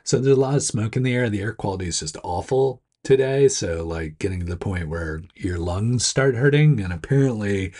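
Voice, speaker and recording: A man hosting a casual weekly startup news video, his voice hoarse and gruff from smoky air, talking in a rambling, self-deprecating way. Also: lively intonation, moderate pace, hardly any pauses, darkish tone. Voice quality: gruff, lowered voice.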